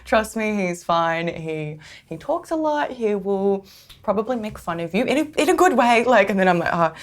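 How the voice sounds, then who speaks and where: A woman's voice: medium pitch, expressive, normal speed. A woman with an Australian accent, co-hosting a podcast in casual chat, chatty and self-mocking with frequent laughs. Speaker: podcast co-host.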